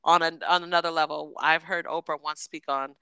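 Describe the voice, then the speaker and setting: Bright, clear-voiced woman co-hosting a chat. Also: low voice, steady tone, a little fast, no room sound. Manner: warm storytelling with shout-outs. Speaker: podcast co-host. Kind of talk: casual chat.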